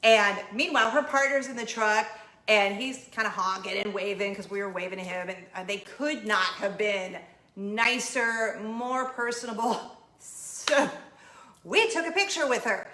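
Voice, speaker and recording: A woman in her thirties telling a story in a casual, animated way, acting out the other voices in it. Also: medium pitch, measured pace, echoey room. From not from Florida. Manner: animated, acts out quoted voices, laughs. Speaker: homeschooling mom telling a story.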